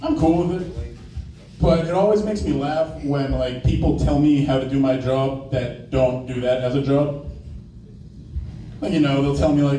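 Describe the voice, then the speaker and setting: A man's voice: mid-range voice, normal speed, dark tone, far from the mic. A young man doing a casual, profane stand-up set, telling stories and slipping into brief put-on voices. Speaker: stand-up comedian. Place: small open-mic room. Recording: echoey room from off-mic, faint noise.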